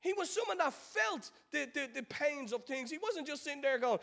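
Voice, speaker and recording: Voicing the biblical figures of his story, this preacher has an extremely high, pushed, bright voice with lively intonation and vocal fry. He speaks at normal speed with few pauses, driving home points through repeated phrases and rhetorical questions.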